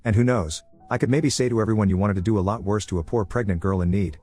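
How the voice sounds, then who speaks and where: A domineering, self-righteous middle-aged mother barks orders, as a male story narrator reads her lines. The delivery is quick, low and a touch husky, and it stays commanding throughout. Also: darkish tone, soft background music, close to an everyday voice.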